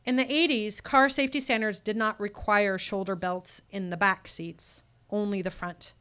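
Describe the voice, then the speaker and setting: A woman's voice: mid-range voice, fairly even intonation, moderate pace, bright, forceful tone, clear, resonant tone. A woman telling a personal story at a live storytelling showcase, voicing the people in it as she goes. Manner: personal story told with tense quoted dialogue.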